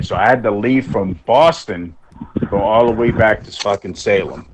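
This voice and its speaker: A man with a lowish voice tells long, rambling stories on a casual podcast. He swears constantly and jumps into the voices of the people in his tales. There is a faint hiss of noise behind him. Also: moderate pace. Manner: rambling anecdotes, heavy swearing, acts out quotes. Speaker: podcast co-host. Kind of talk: casual storytelling chat.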